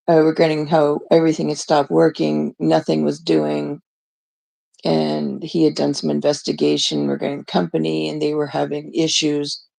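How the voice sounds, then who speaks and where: A woman's voice: low-pitched, gravelly, dark tone, no room sound. A middle-aged woman from Canada hosting a livestream, telling a story to her chat in a blunt way and swearing freely. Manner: blunt, swears freely, quotes others in quick asides. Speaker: livestream host. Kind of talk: casual storytelling to a live chat.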